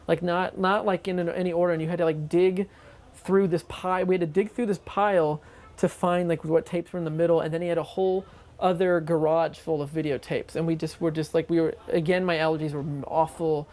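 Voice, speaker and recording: A medium-pitched interviewee gets carried away recounting a lengthy anecdote for a documentary, wandering off track and leaning heavily on fillers.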